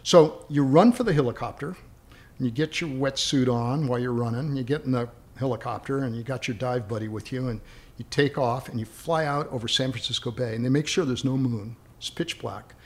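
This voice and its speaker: A man's voice: mid-range voice, a little fast. A man casually telling a long anecdote in a rambling way, often repeating words as he starts a thought. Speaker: guest storyteller.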